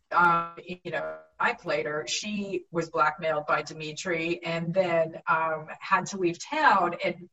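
A woman actress telling lively stories in a casual interview, laughing often. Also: lowish voice, recorded from a distance, muffled recording. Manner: animated anecdotes with frequent laughter. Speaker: actress guest.

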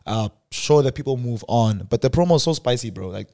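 A young man from South Africa hosting a podcast, telling stories in a casual chat and dropping low when upset. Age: 20s. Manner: fast, animated storytelling, drops to low muttering when upset. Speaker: podcast host.

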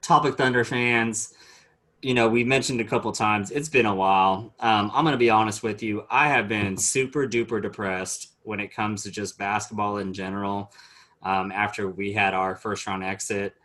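A man's voice: on the low side, fairly even intonation, moderate pace, fairly bright tone. A man hosting a casual sports podcast, loose and joking, with lots of filler words. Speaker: podcast host.

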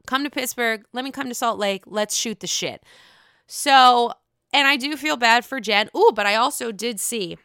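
A woman's voice: mid-range voice, bright, forceful tone, clean tone, no echo, clean studio sound. Blunt, foul-mouthed young woman ranting. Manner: blunt, swears freely, mimics cast members in exaggerated voices. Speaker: reality TV commentator. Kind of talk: casual solo recap chat.

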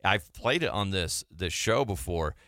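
Bright-voiced male host telling stories. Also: deep voice, a little slow, no echo, studio quality. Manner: animated storytelling, laughs often. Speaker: podcast host, former radio sidekick. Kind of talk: casual chat.

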